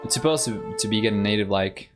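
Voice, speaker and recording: A man with a fairly low voice speaks at a quick pace while music plays behind him. He's from Argentina, a native Spanish speaker with an Argentine accent, and as a streamer he casually commentates a strategy game, musing aloud and chatting with viewers.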